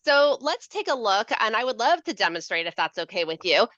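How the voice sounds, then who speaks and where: A woman's voice: fairly high pitch, a little fast, no echo, muffled recording. A woman demonstrating a handwriting activity on a video call, playful and full of questions to her listeners. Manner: animated, playful, asks questions. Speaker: literacy educator. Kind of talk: lively teaching demonstration.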